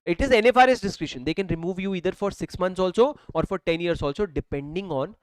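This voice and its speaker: A man's voice: high voice, fast, few pauses, smooth, no echo. A young man with an Indian English accent giving a classroom lecture, emphatic and repetitive, often calling students "sir". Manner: emphatic, repeats phrases, addresses students as sir. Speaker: teacher. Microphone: handheld or lapel mic.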